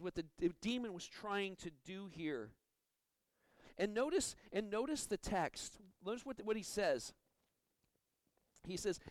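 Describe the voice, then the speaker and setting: Male pastor, higher voice, earnest preaching with restarts, dry close mic. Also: dry recording, rough recording. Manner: earnest, stumbles and repeats words. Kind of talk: sermon.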